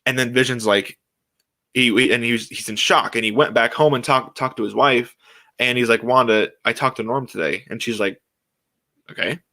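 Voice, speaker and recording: Excited young man rambling on a show. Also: medium pitch, a little fast. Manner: excited, rambling, many restarts and fillers. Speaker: podcast host. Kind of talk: casual solo chat.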